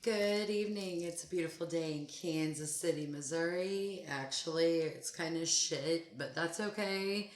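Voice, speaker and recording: A woman's voice: on the low side, unhurried, hardly any pauses, echoey room. A woman giving blunt, casual reaction commentary on a song, swearing freely and getting heated. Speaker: music reaction host.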